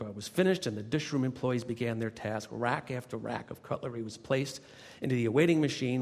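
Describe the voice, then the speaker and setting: A man, a motivational speaker, telling a workplace anecdote in lively storytelling narration. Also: medium pitch, husky. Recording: reverberant recording.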